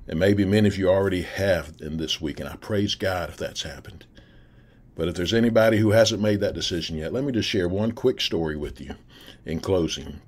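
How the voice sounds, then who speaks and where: Man, very low voice, pastor, encouraging sermon, repeated phrases, recorded for video. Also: fairly quick. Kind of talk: recorded sermon to a youth camp.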